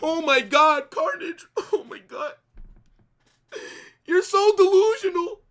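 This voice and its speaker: A man's voice: very high-pitched, slow, a bit bright, pitched above the performer's own voice, full character voice. A man putting on a mocking impression of a whining, crying male football fan. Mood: whiny mockery.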